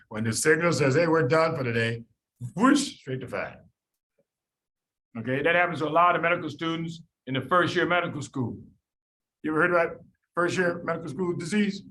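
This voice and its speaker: A middle-aged man lecturing medical students in an animated, folksy, joking storytelling way. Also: a little high, poor audio. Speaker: medical school biochemistry lecturer.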